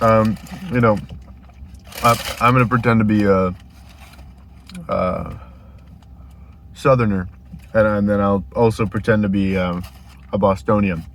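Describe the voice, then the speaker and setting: A man's voice: lowish voice, fairly even intonation, takes it slowly, pauses often, slight background noise. A man talking casually while eating in a vlog, rambling and restarting his sentences as he goes. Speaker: vlogger.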